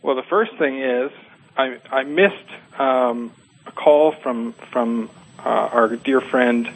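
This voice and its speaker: A man, calling in to a show and chatting casually, halting with fillers and restarts. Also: medium pitch, rough recording. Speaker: caller. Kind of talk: casual phone-in chat.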